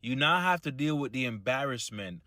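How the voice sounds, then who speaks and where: Bright, disapproving man commentator. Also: medium pitch, expressive, moderate pace, dry recording, clean studio sound. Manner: matter-of-fact, disapproving. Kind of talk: news-style reaction commentary.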